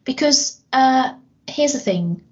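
A woman's voice: high voice, expressive, takes it slowly, a little mellow, highs cut off. Giggly self-deprecating woman. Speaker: podcast co-host. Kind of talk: casual chat.

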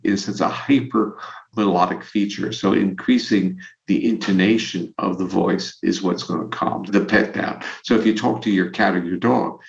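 A man with a low, gravelly voice talks through ideas as a podcast guest, measured and explanatory, with a chuckle here and there. His audio comes through dull and lo-fi. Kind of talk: conversational explanation.

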